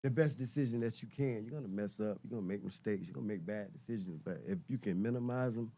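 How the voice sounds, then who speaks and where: A middle-aged male podcast guest talks fast in a lowish, dark-toned voice. His casual, reflective chat is marked by frequent word repetition as he searches for his next thought.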